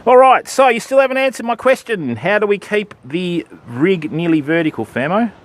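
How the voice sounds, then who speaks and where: Aussie fishing streamer, matey banter, animated and fairly high-pitched. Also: male voice, normal speed. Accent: Australian. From Australia. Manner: chatty, matey, answering viewers. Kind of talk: casual live-stream chat. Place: beach at dawn, outdoors.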